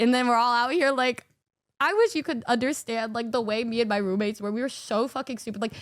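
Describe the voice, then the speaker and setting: High-voiced excitable young woman storyteller. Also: quick pace, no echo, studio quality. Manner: excitable, swearing, slangy, laughs often, acts out quotes. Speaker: streamer telling trip stories. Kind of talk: casual storytelling.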